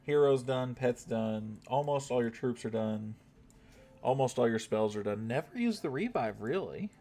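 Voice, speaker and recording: A man's voice: medium pitch, expressive, moderate pace, dark tone. A young man streaming a mobile game, chatting casually with viewers and swearing now and then. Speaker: gaming livestreamer. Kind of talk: casual live-stream chat.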